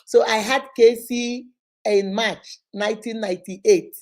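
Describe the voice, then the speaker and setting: A Nigerian woman in her forties with a Nigerian accent, hosting and telling a personal story in an animated, dramatic way with frequent laughter. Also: on the high side, measured pace, slight background noise. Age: 40s. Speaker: host. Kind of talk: storytelling to viewers.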